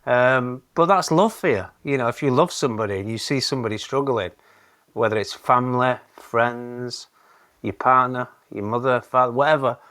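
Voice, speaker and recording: A man appearing on a podcast as the guest's husband, soft-spoken and self-deprecating, talking with feeling. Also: medium pitch, normal speed. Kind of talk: casual chat.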